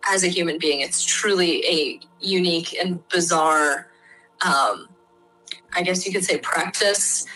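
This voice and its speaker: A Midwestern American woman talks as an interview guest, frank and chatty with plenty of "um" and "like." Her voice sits a little low but has a bright, forceful edge. Faint music hums underneath. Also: low-quality recording. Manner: chatty, frank, many fillers. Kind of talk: casual explanatory interview.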